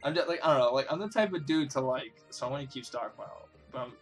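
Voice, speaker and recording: A young man talks at a rapid clip, rambling through anime opinions. His pitch sits in the middle range, he swears freely, and he piles on fillers, while faint music plays behind him. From New Jersey. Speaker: host, game player. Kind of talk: casual chat over a gameplay recording.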